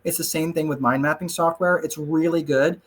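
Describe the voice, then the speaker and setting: A man with a slightly high voice leads a live online class. He talks loosely and conversationally, tosses in "look" and "right?" and pokes fun at himself, answering questions from the chat. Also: steady tone, normal speed, a bit bright, husky. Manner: conversational, frequent "look" and "right?" asides, self-joking. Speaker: class presenter.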